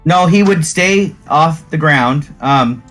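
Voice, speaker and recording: A man's voice: fairly high pitch, animated, takes it slowly, fairly bright tone, soft background music. A man playing a tabletop game, explaining his moves in a thoughtful, hesitant way with many fillers. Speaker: player. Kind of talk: casual tabletop play.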